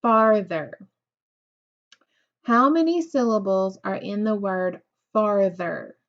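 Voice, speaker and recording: A woman's voice: medium pitch, slow. A woman teaching a phonics lesson to second graders, patient and encouraging, drawing out words. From United States. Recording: dull lo-fi recording.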